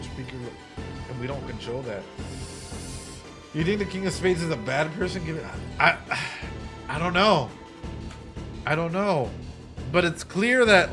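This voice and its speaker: A man, a psychologist, giving excitable let's play commentary, exclaiming and musing aloud. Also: a little high. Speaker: psychologist playing a game on stream.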